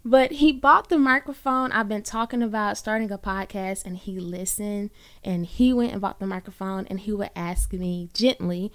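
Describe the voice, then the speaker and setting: Woman podcaster, smooth clear voice, earnest faith talk, says y'all a lot. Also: mid-range voice, normal speed. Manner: earnest, warm-hearted, uses y'all and folksy phrasing. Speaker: podcast host. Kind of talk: encouraging faith podcast monologue. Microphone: own microphone.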